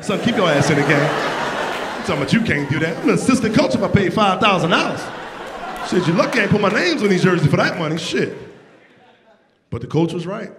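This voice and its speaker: A middle-aged man doing stand-up comedy, telling a profane, exasperated story with loud outbursts. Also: high voice. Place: comedy stage before a live audience. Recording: live stage mic with audience noise.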